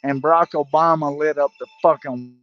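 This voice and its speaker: A man's voice: fairly high pitch, steady tone, moderate pace, no echo, soft background music. A man hosting a livestream, ranting angrily about politics, swearing heavily and stumbling through restarts. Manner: profane, heated, stumbling restarts. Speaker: livestream host. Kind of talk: angry political rant. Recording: dull lo-fi livestream audio.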